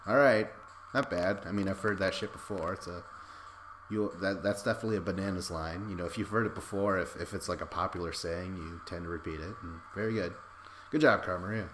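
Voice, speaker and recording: A man's voice: deep voice, fairly quick, a bit bright, a little hiss or hum. A man hosting a podcast, giving casual, sarcastic commentary over a video and swearing freely. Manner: sarcastic, profane, frequent laughs.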